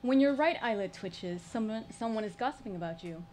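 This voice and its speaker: A woman's voice: mid-range voice, lively intonation, brisk, a little mellow, slight background noise, lightly acted. A woman voicing her superstitious mother on a storytelling stage, speaking with confident, matter-of-fact certainty. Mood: assured. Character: superstitious mother, giddy and sure of herself.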